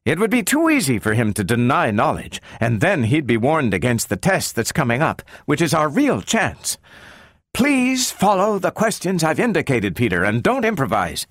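A man's voice: mid-range voice, big pitch swings, normal speed, dry recording, studio quality, voice pushed up. A man reading the part of an intense female psychologist who speaks urgently and insistently. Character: tense, intense woman robot psychologist.

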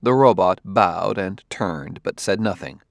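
Audiobook narrator: man, low, gravelly, dry close sound, even delivery. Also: unhurried, no room sound.

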